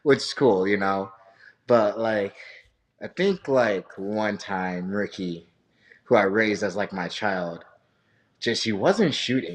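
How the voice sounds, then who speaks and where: Low-voiced, loose-talking male coach. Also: slow. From Southern California. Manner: loose, profane, laughing storyteller, lots of fillers. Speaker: wrestling coach, guest. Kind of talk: casual interview chat.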